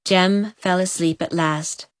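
A woman narrating a storybook gently for an audiobook. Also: lowish voice, fairly even intonation, slow, no room sound, studio quality.

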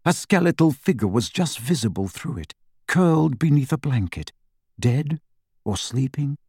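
A man narrating a fantasy audiobook in a dramatic, expressive reading. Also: mid-range voice, normal speed, slightly rough, no room sound, studio quality.

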